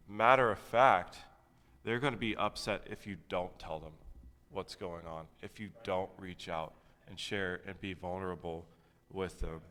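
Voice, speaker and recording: A man's voice: deep voice, fairly bright tone, smooth. A man in his thirties giving a sermon in a church, talking conversationally with plenty of fillers and asides. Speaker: preacher. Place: church sanctuary. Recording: long hall reverb.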